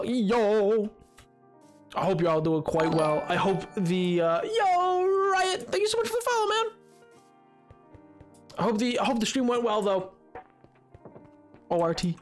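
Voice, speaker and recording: Hoarse, animated young man streaming. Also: high voice. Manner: animated, self-mocking, quick to laugh. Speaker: livestreamer. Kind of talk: casual gaming livestream chat.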